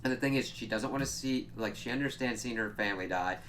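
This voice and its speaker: Bright-voiced man reviewing a show. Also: mid-range voice, fast, slight background noise. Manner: excitable, profane, full of "like" fillers. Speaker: TV episode reviewer. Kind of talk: casual spoiler review.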